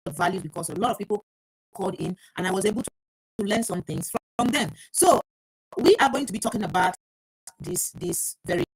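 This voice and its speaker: Husky woman hosting a live relationship talk. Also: medium pitch, dry recording, poor audio. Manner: repetitive, stops to handle viewers' sharing requests. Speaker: host of a call-in relationship program. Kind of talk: live-streamed talk show. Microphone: live stream mic, checking volume.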